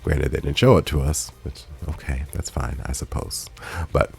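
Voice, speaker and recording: A man's voice: rumbling low, moderate pace, gravelly, faint music behind. A man hosting a reaction video, recapping an episode in casual, chatty commentary with playful quoted asides.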